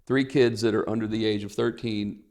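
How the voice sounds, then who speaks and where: Gravelly man telling a blunt story. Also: lowish voice, steady tone, fairly quick, darkish tone. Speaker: podcast guest. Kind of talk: casual comedy podcast chat.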